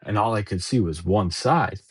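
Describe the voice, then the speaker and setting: A man's voice: on the low side, moderate pace, husky, no echo. A man, a podcast guest, telling a long hunting story casually, rambling and repeating words as he acts out what others said.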